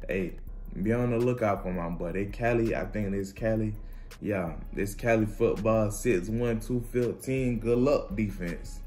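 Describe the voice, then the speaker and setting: A young man, bursting into loud exclamations over the plays. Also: on the low side, measured pace, soft background music. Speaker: reaction channel host. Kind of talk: casual sports highlight reaction.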